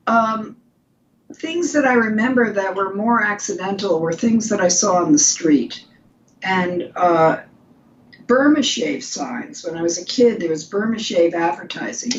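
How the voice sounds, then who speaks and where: A woman's voice: fairly low pitch, darkish tone, lo-fi sound, slight background noise. Older woman telling design stories. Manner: chatty, anecdotal, frequent restarts. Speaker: guest designer. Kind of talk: casual interview storytelling.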